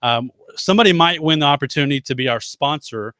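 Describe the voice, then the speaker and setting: A man's voice: a little high, quick pace, bright, forceful tone, dry recording. A man hosting a casual live web show, rambling and joking about himself as he chats with his co-host. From United States. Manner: chatty, rambling, self-deprecating jokes. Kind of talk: casual live-stream chat.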